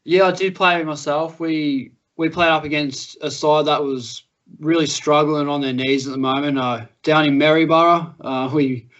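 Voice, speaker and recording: A young Australian man co-hosts a podcast, chatting casually and laughing as he tells stories in a laid-back way. His voice is fairly high and a bit bright, with a steady tone and normal speed. The audio is muffled and lo-fi.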